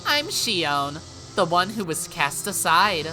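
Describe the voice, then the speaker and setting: A woman voicing a sharp-tongued teenage girl who mocks and scolds her twin, reading a visual novel aloud with faint music behind. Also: on the low side, big pitch swings, slow pace, low-quality recording. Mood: contemptuous. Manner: cutting, mocking, bitter.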